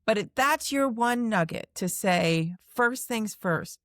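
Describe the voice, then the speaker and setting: A woman's voice: medium pitch, animated, slow, no echo, studio quality. A woman hosting an interview podcast, talking earnestly as a coach and giving advice straight to the listener. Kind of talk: conversational interview.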